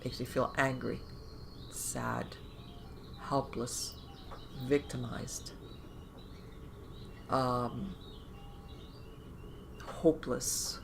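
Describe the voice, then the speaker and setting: A podcast host talking in a casual interview, animated, with many fillers and restarts and acted-out inner voices. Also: mid-range voice, extremely slow, gravelly, pauses often, noisy background.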